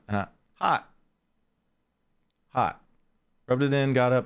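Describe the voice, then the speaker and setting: A man hosting a podcast, telling a casual story in a rambling way, often correcting himself and trailing off quietly. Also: medium pitch, takes it slowly, pauses often, clean tone. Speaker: podcast host.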